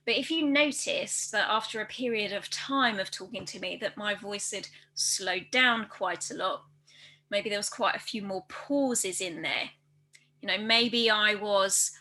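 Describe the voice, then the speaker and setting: A woman presenting a workplace training video, speaking fast and loudly with careful articulation. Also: medium pitch, low-quality recording. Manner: fast, loud and well articulated.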